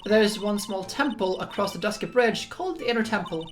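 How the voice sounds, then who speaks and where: A woman's voice: medium pitch, animated, fairly quick, faint music behind, close to an everyday voice. A woman voicing a chatty older nun with a bad back, reading game dialogue in a hearty, exaggerated manner.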